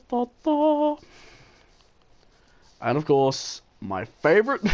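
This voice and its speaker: A man giving casual, rambling gameplay commentary, tired and yawning, with enthusiastic, playful asides. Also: medium pitch. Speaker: gaming video host.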